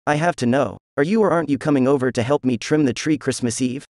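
A man's voice: medium pitch, quick pace, a little mellow, dry recording, clean studio sound, natural voice. A man doing an impatient, snotty young woman. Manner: clipped and impatient.

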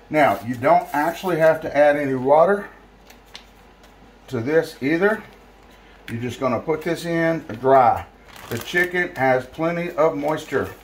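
Guy doing a folksy kitchen how-to, y'all this and that, average pitch, bit of background hiss. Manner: folksy and chatty, calls viewers y'all. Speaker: fishing channel host. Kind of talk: casual how-to video. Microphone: camera mic, filmed by a helper.

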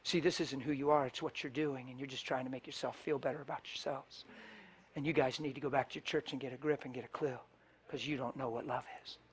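A man's voice: medium pitch, steady tone, fast talker, a little hiss or hum. A middle-aged man preaching a sermon, telling stories in a passionate, colloquial way and acting out the dialogue. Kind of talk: sermon storytelling.

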